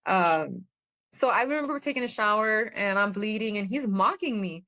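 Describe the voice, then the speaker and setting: A woman's voice: medium pitch, animated, moderate pace, bright, forceful tone. A woman guest on a podcast, telling a personal testimony in a candid, plainspoken way.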